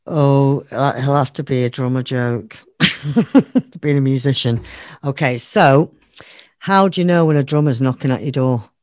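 Low female musician, playful joke-teller, dry close mic. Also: a little slow, darkish tone, no echo. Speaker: musician guest. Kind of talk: telling a joke in an interview.

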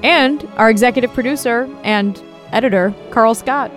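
A woman's voice: fairly high pitch, normal speed, soft background music. A woman co-hosting and producing a podcast, chatting casually in a playful, jokey way and laughing often. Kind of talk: casual chat.

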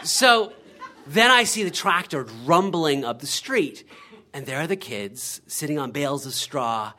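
A man's voice: fairly high pitch, measured pace. A middle-aged man telling a comic story on stage, acting out quoted voices and tossing in "right?" to the listeners. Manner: animated, acts out quoted voices, frequent "right?".

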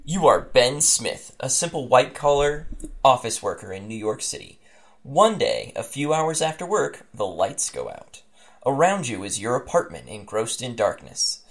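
A man with a lively, swooping delivery and a gravelly edge to his voice. He co-hosts a laid-back podcast, chatting and reading a story aloud with plenty of laughter. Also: medium pitch, moderate pace. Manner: laughing, animated reader. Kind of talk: casual chat and story reading.

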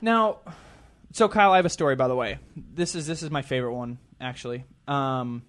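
A man's voice: medium pitch, fairly quick, a bit bright. A man telling a casual, self-deprecating story on a talk show, with many restarts and acted-out quotes.

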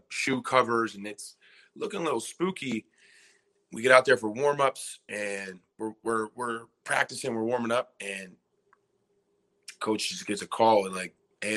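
A man's voice: lowish voice, pushed and bright. A young man in his twenties, a former college basketball player, telling a long story on a podcast and acting out what people said. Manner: rambling, retells scenes by quoting himself and others. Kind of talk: casual storytelling interview.

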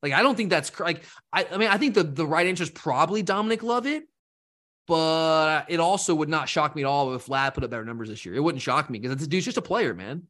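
A man co-hosts a casual sports podcast, rambling with animated enthusiasm. His voice sits a bit higher than most men's. He keeps the talk loose and conversational. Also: fast talker. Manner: animated, rambling, mimics fans in quotes. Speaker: podcast co-host.

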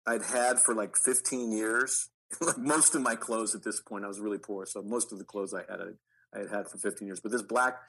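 A middle-aged man talks as a guest, telling stories from his acting past with eager restarts. His voice sits a little low, bright and forward in tone, with a husky grain. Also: normal speed, low-quality recording. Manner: animated anecdotes with frequent restarts. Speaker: actor guest. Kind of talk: storytelling interview.

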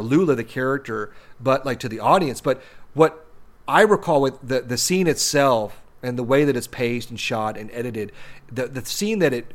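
A man's voice: medium pitch, a bit bright. Rambling man discussing films. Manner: rambling, many restarts and repeated words. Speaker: podcast co-host discussing films. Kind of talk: casual film discussion.

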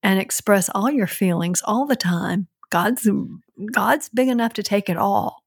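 A woman co-hosting a podcast, speaking calmly and reassuringly with brief affirmations. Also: mid-range voice, a little slow, slightly rough, dry recording, clean studio sound. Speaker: podcast co-host. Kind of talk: casual podcast chat.

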